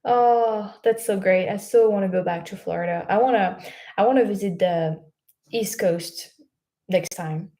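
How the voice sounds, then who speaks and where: Chatty French woman with a mellow voice. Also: mid-range voice, measured pace. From France. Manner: chatty, laughs often, many fillers and restarts. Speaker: vlogger hosting a livestream. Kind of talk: casual livestream chat, reading comments.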